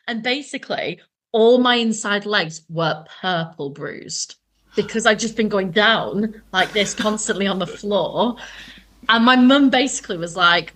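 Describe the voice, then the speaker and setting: A woman's voice: medium pitch, normal speed. A young woman from England co-hosting a podcast, chatting casually and acting out voices in her anecdotes. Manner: animated, laughs often, acts out voices in anecdotes. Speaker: podcast co-host. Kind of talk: casual chat, storytelling.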